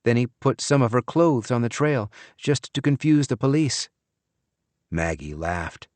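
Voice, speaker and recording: A man giving measured first-person narration of an audiobook. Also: mid-range voice, no echo. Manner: measured, even storytelling.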